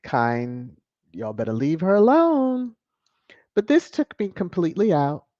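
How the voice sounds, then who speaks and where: Sassy vlogger reading comments, laughs a lot, kinda muffled lo-fi audio, mid pitch. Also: very animated, unhurried, mellow, no room sound. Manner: sassy, mocking, chuckles often. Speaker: royal news commentator on a video channel. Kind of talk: casual commentary reading headlines and viewer comments. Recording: dull lo-fi, dry close mic.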